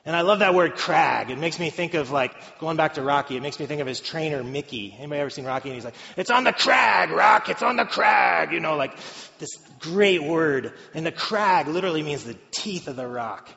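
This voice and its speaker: A man preaching a sermon in a relaxed, conversational way, with joking asides to the congregation. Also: fairly high pitch, brisk, hardly any pauses. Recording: echoey hall, dull lo-fi sound.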